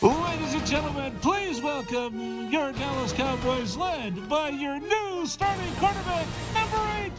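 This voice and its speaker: A man doing a booming sports announcer. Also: expressive, over loud music. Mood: hyped. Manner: slow, drawn-out announcer delivery.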